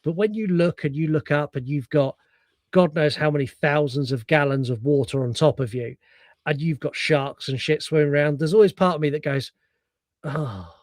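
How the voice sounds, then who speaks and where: A man with a fairly high voice chats casually about a film, animated and sweary. He acts out scenes with sudden put-on voices. The sound is dry and close. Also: brisk, dry recording. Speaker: podcast co-host. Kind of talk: casual film review chat.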